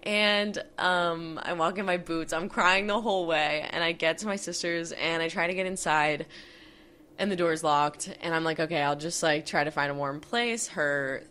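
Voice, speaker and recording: Podcast host, woman in her 20s, low voice, chatty and rambling, laughs through her own story. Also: normal speed, sharp tone, smooth. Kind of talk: casual storytime.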